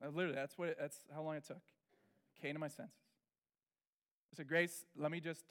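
Middle-aged pastor guy, kinda high voice, candid storytelling sermon. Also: normal speed, long pauses. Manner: candid, animated retelling with soft confessional drops.

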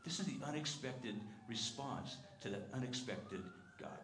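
In an echoey church sanctuary with a faint hum of room noise, a man preaches as pastor at an unhurried pace. He is earnest and emphatic, dropping soft and low on tender lines and bringing his stories alive with quoted character voices.

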